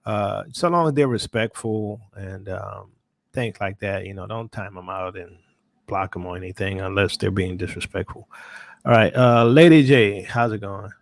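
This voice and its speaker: A man's voice: sits low, fairly even intonation, normal speed, gravelly, dry recording. A man hosting a call-in livestream, giving loose, casual instructions with many fillers. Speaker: host.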